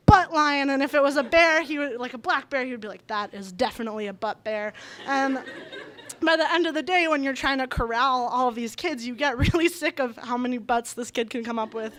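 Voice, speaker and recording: Young woman, high voice, live storytelling, chatty, animated, laughs mid-sentence, small bar. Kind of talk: personal story told live on stage. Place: small bar venue, indoors.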